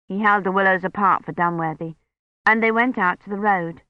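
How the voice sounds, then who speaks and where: Man, audiobook narration, measured storytelling, dry close sound, slightly dull lo-fi. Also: high-pitched, dry recording. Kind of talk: scripted narration.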